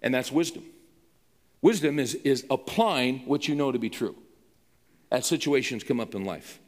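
A man's voice: medium pitch, animated, normal speed, in a large hall. A male pastor preaching and telling a story in an emphatic, conversational way. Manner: emphatic, conversational, with frequent restarts. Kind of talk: sermon storytelling.

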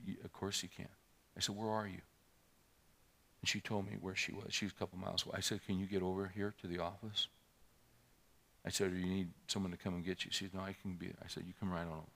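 A middle-aged man preaching a sermon as pastor, shifting between loud scripture reading and quiet storytelling. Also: sits low, vocal fry, slightly rough.

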